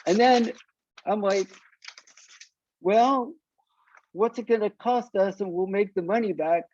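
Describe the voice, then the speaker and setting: An older punk singer from South Florida, whose voice sits high, tells stories slowly in a casual interview, animatedly acting out the voices of the people involved. The audio is lo-fi with no room sound.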